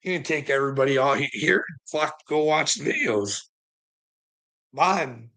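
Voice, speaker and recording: A man's voice: on the high side, expressive, moderate pace, bright, forceful tone. A man delivering a profane, mocking rant to the camera, taunting his target and laughing between jabs. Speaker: online commentator.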